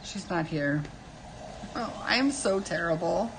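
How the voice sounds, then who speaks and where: Woman, 50s, live stream host. Casual, chatty, self-deprecating, lower pitch. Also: lively intonation, slow pace, noisy background. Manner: chatty, self-mocking, laughs often. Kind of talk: casual chat while drawing.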